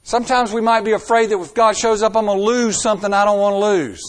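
High-voiced preacher, emphatic. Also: male voice, fairly even intonation, quick pace. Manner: emphatic, dramatic swings in loudness and pace, rhetorical questions. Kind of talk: sermon.

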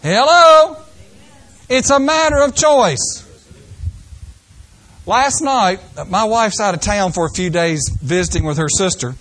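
A man's voice: high-pitched, measured pace, a bit bright. An older man preaching a folksy sermon, acting out people's excuses in mock voices.

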